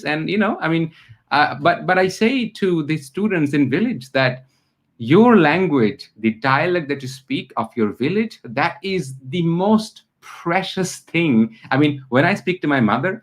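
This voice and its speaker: Impassioned Bangladeshi man hosting an interview. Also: medium pitch. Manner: impassioned, animated, many fillers and restarts. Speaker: interview host. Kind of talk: conversational interview.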